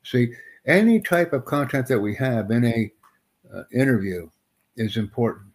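A man hosting a live-streamed English interview lesson, who speaks slowly and deliberately and sternly corrects a student. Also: medium pitch, animated.

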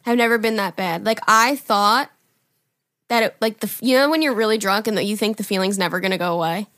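A woman's voice: fairly quick, no echo, studio quality. A woman in her twenties co-hosting a podcast, chatting casually and animatedly acting out her own stories. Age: 20s. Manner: animated storyteller, acts out her drunk self in a loud high voice. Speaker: podcast co-host. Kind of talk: casual chat.

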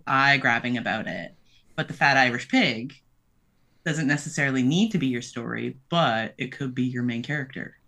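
A woman guest on a podcast, chatting casually. She hesitates and fills her speech with small words while making earnest suggestions. Her voice is bright and forward. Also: rumbling low, moderate pace. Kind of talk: casual chat.

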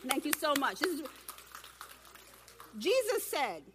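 A woman giving a lively sermon at a church women's event and directing volunteers from the audience. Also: sits high, slow. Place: church hall.

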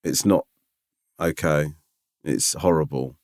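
A man's voice: extremely low pitch, slow, a little mellow, no room sound, studio quality. A man co-hosting a podcast in casual chat, emphatic and exasperated, swearing freely. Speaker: podcast co-host.

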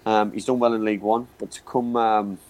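Man, low pitch, quick talker, football pundit, stumbles and repeats words. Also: level tone, darkish tone, rough recording. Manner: rapid, repeats words, says "you know what I mean". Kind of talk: live football podcast chat.

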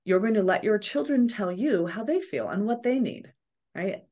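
A woman's voice: mid-range voice, lively intonation, moderate pace, dark tone. A woman therapist, a podcast guest, giving earnest advice in a coaching manner. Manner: earnest, coaching, acts out examples.

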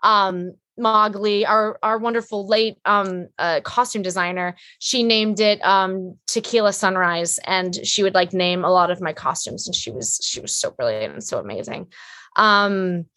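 A woman guest on a podcast, an actress chatting casually in a rambling, animated way with lots of fillers. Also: mid-range voice, measured pace, no echo. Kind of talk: casual chat.

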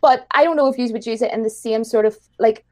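Irish woman, casual chat, animated, laughs often, higher pitch. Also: fast. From Ireland.

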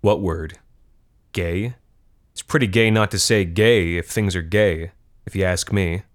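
A man's voice: sits low, a little slow. A man doing a cruel, mocking teenage boy. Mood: taunting. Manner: mocking, morbid, relishing gruesome details.

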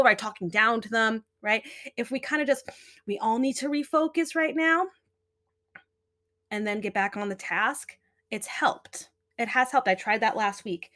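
A woman's voice: fairly high pitch, moderate pace, a bit bright. A young adult woman hosting a podcast, giving earnest, chatty self-help talk full of "you know" and "right". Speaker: podcast host.

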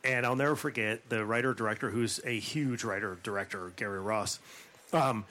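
A man's voice: fairly low pitch, normal speed. A middle-aged man, an actor and former basketball player, telling stories in a podcast interview with lots of fillers and restarts, acting out the quotes. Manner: animated, acts out quotes, many fillers and restarts.

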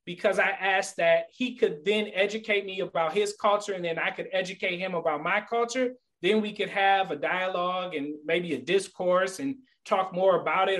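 A middle-aged man speaking as a podcast guest, sitting a little higher in pitch than most men. He tells stories with animation and lands his points in an earnest, motivational way. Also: poor audio. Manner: animated storyteller. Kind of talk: casual podcast chat.

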